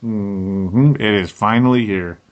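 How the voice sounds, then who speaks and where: A man's voice: fairly low pitch, takes it slowly, muffled recording. A middle-aged man hosting a casual sports podcast, tired and rambling, laughing often and repeating words. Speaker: podcast host.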